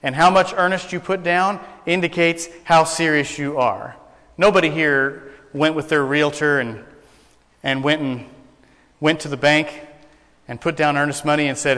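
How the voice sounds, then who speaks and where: A man's voice: a little high, steady tone, a little slow, sharp tone, big-room sound. A man preaching a sermon to a congregation, folksy and joking, telling jokes as he goes. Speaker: pastor. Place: church sanctuary.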